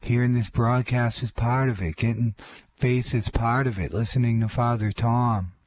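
A man's voice: medium pitch, fairly even intonation, moderate pace, a little mellow. A man commenting on the sermon as co-host of a radio ministry, earnest and reflective. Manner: earnest, reflective, with frequent restarts.

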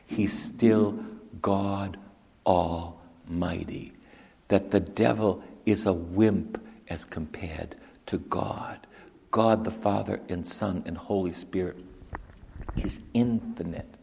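A man preaching a sermon, slow and repetitive, who drops to hushed whispers for emphasis. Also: fairly low pitch, vocal fry, big-room sound.

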